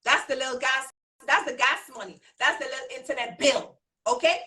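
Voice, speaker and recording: High, bright-voiced woman coaching emphatically. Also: fairly quick, rough recording. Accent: Virgin Islands. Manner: emphatic and repetitive, drilling points home; folksy, addresses listeners as y'all. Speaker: business trainer and host. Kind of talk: live coaching talk.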